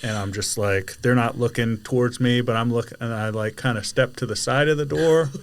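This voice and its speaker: A man in casual podcast chat, telling a story with lots of energy and shouting out quoted lines. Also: mid-range voice, moderate pace, clear, resonant tone. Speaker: podcast guest, delivery driver.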